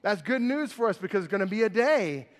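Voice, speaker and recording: High-voiced male pastor, animated sermon delivery with soft, hushed drops, reverberant church hall. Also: a little fast. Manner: animated, shifting from loud emphasis to soft, hushed lines. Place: church sanctuary.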